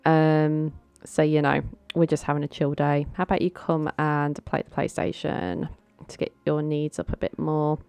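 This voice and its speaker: A woman's voice: low-pitched, little pitch movement, moderate pace, vocal fry, dark tone, clean tone, no echo. A young woman casually commenting on a life-simulation game, chatty and coaxing her characters along. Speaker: gaming channel host.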